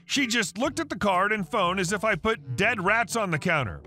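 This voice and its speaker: High, bright synthetic male narrator. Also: sing-song, normal speed. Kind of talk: scripted story narration. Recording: faint music underneath.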